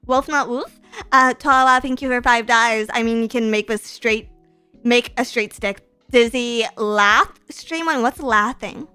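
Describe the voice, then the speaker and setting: A woman streamer chatting casually and reading out viewer donations, giggly and excitable, with teasing, playfully sarcastic banter and sudden shrieking laughs. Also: on the high side, a little slow, clean tone, soft background music. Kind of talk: casual live-stream chat.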